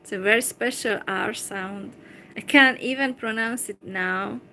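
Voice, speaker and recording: A Hungarian woman talking to camera in English with a Hungarian accent, replying to a viewer slowly and hesitantly, with many fillers. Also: medium pitch, sharp tone, slight background noise, low-quality recording. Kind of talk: casual talk to camera.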